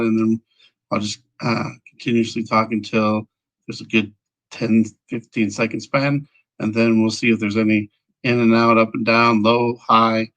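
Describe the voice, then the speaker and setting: A man hosting a casual livestream, rambling as he checks his audio, greets viewers by name and often clears his throat. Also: medium pitch, bright, forceful tone, rough recording. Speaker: livestream host.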